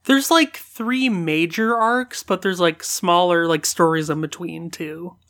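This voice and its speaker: A podcast co-host in a relaxed casual chat, using frequent fillers. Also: mid-range voice, unhurried.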